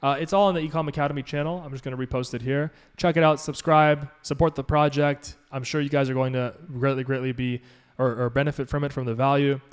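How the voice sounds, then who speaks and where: A man's voice: medium pitch, fairly even intonation, fast talker, clean tone. A man hosting a live stream as an online business mentor, answering chat questions in a casual, upbeat, rambling way with lots of "you know" and restarts.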